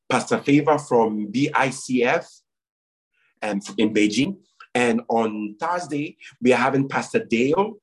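A man's voice: mid-range voice, slightly rough, rough recording. A man pastor leading prayer and giving church announcements, earnest and repeating phrases for emphasis.

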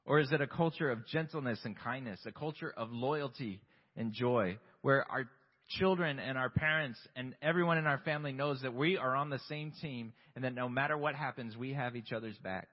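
Male pastor, husky mid-range voice, candid self-deprecating sermon, echoing church hall. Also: mid-range voice, a little fast. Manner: candid, self-deprecating, asks rhetorical questions. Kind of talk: conversational sermon. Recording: long hall reverb, dull lo-fi sound.

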